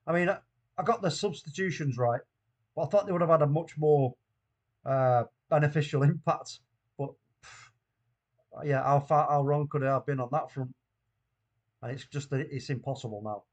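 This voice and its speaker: A man hosting a live football watchalong stream. He chats with viewers in slang and swings from loud disbelief to low, weary muttering. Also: moderate pace, pauses often. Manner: chatty, greets viewers by name with slang. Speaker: host of a fan watchalong stream.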